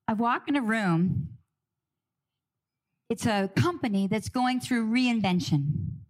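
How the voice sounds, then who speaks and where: A middle-aged woman telling a personal story with dramatic pauses and emotion. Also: on the high side, expressive. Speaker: guest speaker.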